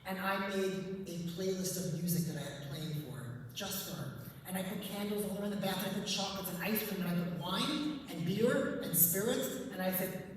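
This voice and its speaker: A man, a rabbi, giving a conference talk to a live audience and telling a story with gentle humor. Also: high voice, a little fast, slight background noise. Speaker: rabbi and speaker on couples. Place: large event hall. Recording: echoey hall, distant mic.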